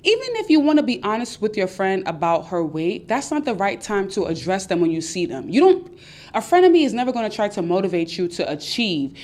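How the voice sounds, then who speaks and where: Young woman podcast host, casual advice monologue, animated delivery, mid-range voice. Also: mid-range voice. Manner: animated, acts out friends' voices.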